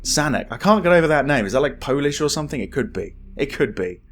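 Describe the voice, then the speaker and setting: A man talks through a story game in a casual, joking way, thinking aloud as he goes. His pitch moves a lot. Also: animated, quick pace, a little hiss or hum. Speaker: gaming video creator. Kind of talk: let's play commentary.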